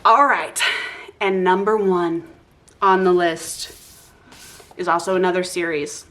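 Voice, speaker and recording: A young woman booktuber talking casually and excitedly about her favorite books, gushing and swearing freely. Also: on the low side, takes it slowly. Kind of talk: casual chat.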